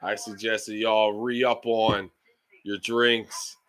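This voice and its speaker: A man's voice: fairly low pitch, little pitch movement, takes it slowly, fairly bright tone. A man live streaming a football game, ranting and swearing in frustration at his team's play.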